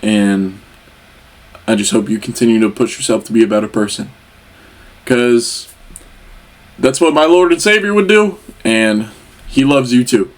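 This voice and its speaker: A man's voice: mid-range voice, measured pace, long pauses. A young man chatting casually as he reacts to an album, rambling and talking straight to the artist as "brother". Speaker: music reaction host. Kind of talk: casual chat.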